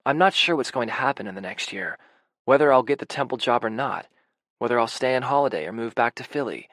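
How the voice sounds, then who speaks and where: A man's voice: medium pitch, expressive, quick pace, dry recording. Man narrating an intimate audiobook. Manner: quiet, intimate. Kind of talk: first-person audiobook narration.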